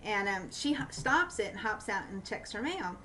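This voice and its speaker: A woman telling a long personal story in a casual vlog, rambling with many fillers and restarts and getting animated when she quotes others. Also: mid-range voice, moderate pace, recorded from a distance, slight background noise, poor audio. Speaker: vlogger.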